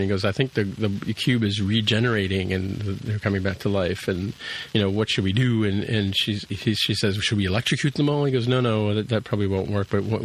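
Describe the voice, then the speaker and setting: A man's voice: on the low side, slight background noise, poor audio. A man hosting a podcast, casually recapping a TV episode in a rambling way, paraphrasing the characters' lines. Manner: rambling, many restarts and fillers, paraphrases dialogue. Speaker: podcast host reviewing episodes.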